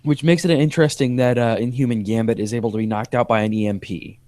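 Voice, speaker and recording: In a casual TV recap, this man co-hosting a podcast earnestly walks through plot details of episodes. He talks fast in a mellow, mid-range voice with fairly even intonation, and there's no room sound.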